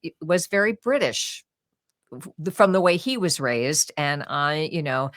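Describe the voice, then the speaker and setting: Expressive older woman, low-pitched voice. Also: unhurried, dry recording, studio quality. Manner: expressive, animated storytelling with acted-out quotes. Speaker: guest author and audiobook narrator. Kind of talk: conversational podcast interview.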